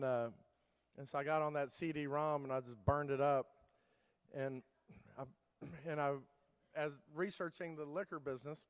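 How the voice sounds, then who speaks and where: A man with a fairly high, smooth, clear voice tells his story from the stage in a keynote. He rambles, stops and starts over often. The sound carries a long hall reverb. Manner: rambling, many fillers and restarts. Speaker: keynote speaker.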